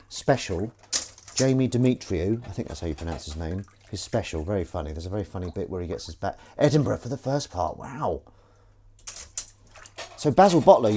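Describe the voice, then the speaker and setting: A man with a fairly low, warm voice hosts a casual livestream from his home kitchen sink, chatting and reading viewer comments while washing dishes. Clinking cutlery and running water add slight background noise.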